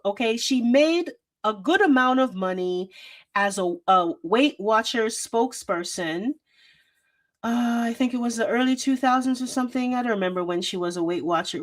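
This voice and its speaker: Chatty woman hosting a livestream. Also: a little high. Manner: chatty, talks straight to viewers, many fillers. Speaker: show host. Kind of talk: livestream commentary, reading news articles aloud. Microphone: desk microphone with a loose cable.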